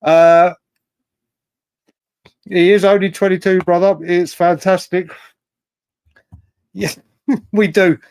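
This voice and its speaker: A man hosting a late-night fan livestream, chatting excitably and reading out viewer comments. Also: sits high, takes it slowly, long pauses, smooth. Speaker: livestream host.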